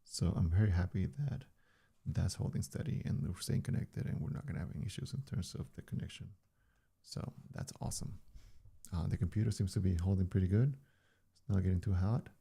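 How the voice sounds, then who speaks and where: Older male streamer, deep gravelly dark voice, relaxed rambling live-stream chat, close studio mic. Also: fairly quick. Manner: relaxed, chatty, loose and rambling. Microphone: studio dynamic microphone.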